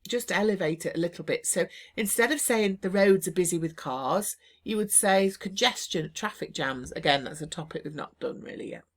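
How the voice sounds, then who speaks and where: A woman teacher talking students through exam tips over slides in a brisk, emphatic, encouraging way. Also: lowish voice.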